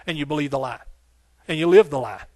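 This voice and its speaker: A pastor preaching with fervor, his voice sitting a little higher than most men's. He builds rhythm through repeated phrases and breaks into hallelujahs, then drops into folksy asides to the congregation. The sound is dry and close, with little room echo. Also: quick pace, darkish tone. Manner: folksy, talking directly to the congregation. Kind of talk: sermon.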